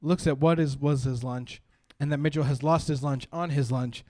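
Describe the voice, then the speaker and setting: A young man from Canada doing profane, animated stand-up storytelling on a live stream, jumping into shouted punchlines. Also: a little high, a little fast, hardly any pauses. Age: young adult. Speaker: stand-up comedian.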